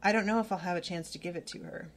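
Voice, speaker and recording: A woman voicing a quiet, hesitant teenage boy while reading a novel aloud, close to her own voice. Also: fairly low pitch, racing. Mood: unsure. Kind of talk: audiobook-style reading aloud.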